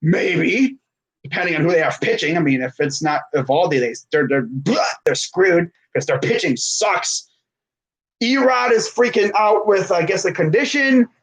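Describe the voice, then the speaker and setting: A man's voice: high voice, expressive, moderate pace, husky, low-quality recording. A man in his twenties chatting casually about sports on a stream, rambling with lots of fillers and self-corrections while reading live comments. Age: 20s.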